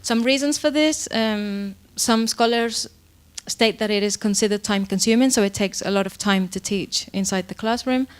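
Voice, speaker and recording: A woman's voice: medium pitch, normal speed, clear, resonant tone. A woman lecturer giving an academic presentation on pronunciation teaching, explaining with frequent fillers and self-corrections. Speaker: university lecturer.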